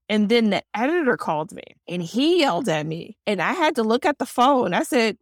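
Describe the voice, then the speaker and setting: A woman guest on a podcast, recounting work stories with animated, blunt energy and acting out both sides of a quarrel. Her voice sits in a middle register. The sound is dry and close, with no room echo. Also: medium pitch, fast, hardly any pauses. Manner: animated storytelling, acting out heated exchanges. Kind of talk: casual interview.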